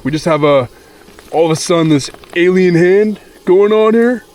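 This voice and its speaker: A young man casually vlogging from a wilderness campsite, talking with loose slang and swearing, easily excited. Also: sits high, normal speed. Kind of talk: casual camping vlog.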